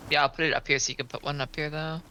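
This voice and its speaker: Bright-voiced woman streamer, relaxed banter. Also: deep voice, rapid-fire, slight background noise, rough recording. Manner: relaxed, offhand, swears casually. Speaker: streamer host. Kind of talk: casual chat while gaming.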